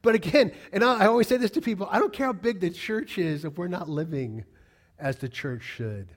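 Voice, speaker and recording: A man with a fairly high voice preaches a sermon. He is animated, pressing his listeners with rhetorical questions. His loud, emphatic lines give way to quieter, lower asides. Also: a little fast. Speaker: pastor.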